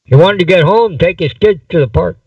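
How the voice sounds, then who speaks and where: A man reading a story aloud slowly and deliberately, in a dull, distant amateur recording. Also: sits high, creaky, slightly rough, no echo. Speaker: narrator.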